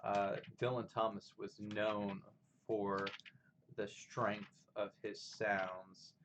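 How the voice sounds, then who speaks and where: A man's voice: on the low side, level tone, very slow, noisy background. A man lecturing on poetry to a class, explaining with fillers and restarts. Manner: reads poems aloud with stressed rhythm, louder than his talk. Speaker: literature lecturer. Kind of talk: recorded lecture with poetry reading.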